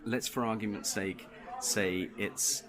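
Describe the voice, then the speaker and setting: A middle-aged British man, a tech entrepreneur being interviewed live, who tells animated stories and acts out the voices of the people in them. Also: lowish voice, takes it slowly. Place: members' club with people talking nearby. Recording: busy room with crowd chatter.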